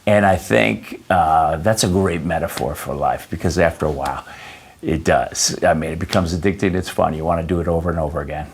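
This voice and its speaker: A man answering an interviewer's questions in a halting way, with many fillers and restarts, often telling personal stories. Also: sits low, a little hiss or hum. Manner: anecdotal storyteller. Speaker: interview guest.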